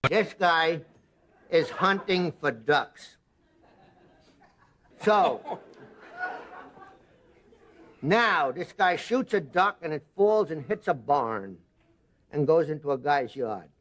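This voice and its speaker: A man with a New York accent telling jokes as a talk show guest, animated and brash. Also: on the high side, takes it slowly, long pauses. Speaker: comedian guest.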